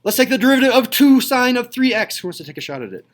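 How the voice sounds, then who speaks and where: A young man teaching a high school math class in a classroom, playful and jokey in manner. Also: sing-song, rapid-fire, poor audio. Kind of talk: classroom lecture.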